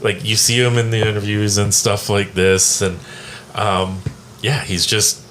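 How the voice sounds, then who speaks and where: A man co-hosting a casual music roundtable who talks haltingly, with stammering restarts. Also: lowish voice, flat delivery, fairly bright tone, a little hiss or hum. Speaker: roundtable co-host. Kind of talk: casual chat.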